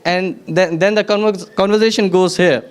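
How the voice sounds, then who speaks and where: Smooth-voiced man giving a tech talk. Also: high-pitched, steady tone, moderate pace. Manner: frequent restarts and repeated words, explaining step by step. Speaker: conference speaker. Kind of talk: technical conference talk. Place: conference venue.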